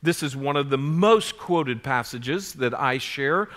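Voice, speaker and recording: Earnest pastor preaching in a reverberant sanctuary. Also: male voice, medium pitch, lively intonation, slow. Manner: earnest, swells louder on key points. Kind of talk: sermon. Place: church sanctuary. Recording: church sanctuary with long reverb.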